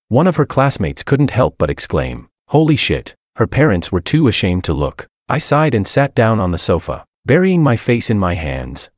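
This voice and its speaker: Deep-voiced man narrating a wry drama. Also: dry recording, clean studio sound. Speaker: story narrator. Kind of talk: first-person scripted story narration.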